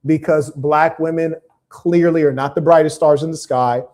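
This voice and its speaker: A man's voice: fairly high pitch, steady tone, normal speed, darkish tone. A man hosting a livestream, delivering a preachy, combative monologue and reading out viewer comments, with emphatic repetition. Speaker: live stream host.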